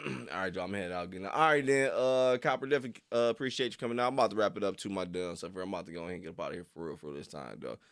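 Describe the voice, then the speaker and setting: A young man streaming casually to his viewers: loose, slangy, laughing often and jumping into high squeals. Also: very fast, fairly bright tone. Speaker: streamer reacting to videos. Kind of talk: casual chat with live viewers.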